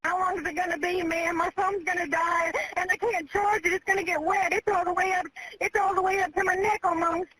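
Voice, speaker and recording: A woman's voice: very high voice, steady tone, a little fast, few pauses, a bit bright. A terrified woman, pleading and sobbing on an emergency phone call. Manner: pleading, repeats herself. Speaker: caller. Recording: telephone line with faint noise.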